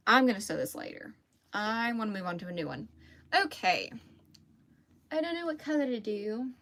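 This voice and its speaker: A woman's voice: a little high, animated, normal speed, long pauses, fairly bright tone, no room sound. A young woman with a Southern US accent chatting casually on a crochet livestream, reading out viewer comments and laughing easily. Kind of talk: casual live chat.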